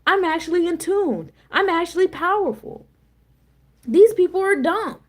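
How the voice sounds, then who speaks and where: A woman reading tarot on a casual livestream, blunt, profane and preachy, shifting between low calm explanation and loud emphatic challenges. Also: moderate pace. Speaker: tarot reader and spiritual coach.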